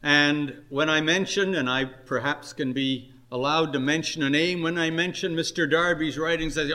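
Older man preaching a slow, earnest sermon. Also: a little high, lively intonation, bright, forceful tone. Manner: earnest, slow exhortation with rising emphatic questions.

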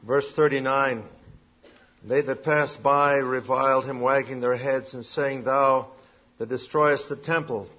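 A man preaching a sermon, reading scripture aloud and building to emphatic, rising points, often clearing his throat. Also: mid-range voice, fairly even intonation, measured pace, highs cut off.

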